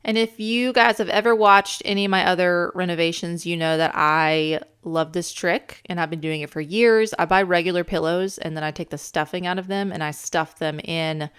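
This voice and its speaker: A woman's voice: lowish voice, normal speed, few pauses, fairly bright tone, clear, resonant tone. A young woman in casual voice-over narration as a renovation channel host, chatty and enthusiastic with lots of ums.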